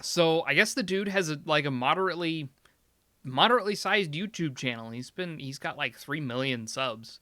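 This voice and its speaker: A young man chats casually as a podcast co-host. His voice has a bright, forward edge and is recorded close and dry, with no room sound. He talks in an animated way and laughs often. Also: a little high, normal speed, no echo. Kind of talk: casual chat.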